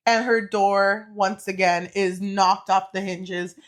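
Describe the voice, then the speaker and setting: A woman co-hosting a podcast, chatting casually about a book, with quick interjections and dramatic asides. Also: mid-range voice, steady tone. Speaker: podcast co-host.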